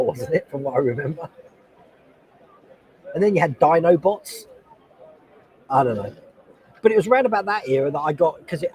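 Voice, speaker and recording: A man with a somewhat high voice hosts a casual livestream from a noisy convention hall, wearing a noise-cancelling headset. He chats in a rambling way and reads comments aloud.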